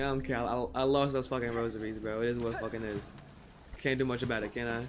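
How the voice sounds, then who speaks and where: A young man streaming a video game, ranting and swearing in exasperation, swinging from low mutters to high yelps. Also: little pitch movement, fast, a little hiss or hum. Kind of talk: live gameplay commentary. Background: game music.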